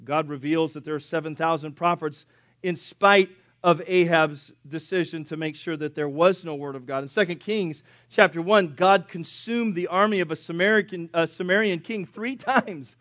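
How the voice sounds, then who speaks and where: A pastor preaching a sermon, animated and punchy, acting out biblical characters in different voices. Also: male voice, a little high, normal speed, no echo. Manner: punchy, swings between loud and soft.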